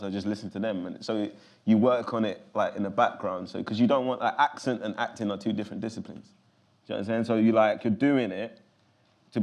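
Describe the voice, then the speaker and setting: A low-voiced man with a London accent chats casually as an interview guest. His speech is gravelly and loose, full of restarts and fillers. He sounds like a relaxed man in his thirties. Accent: London English. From London, England. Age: 30s.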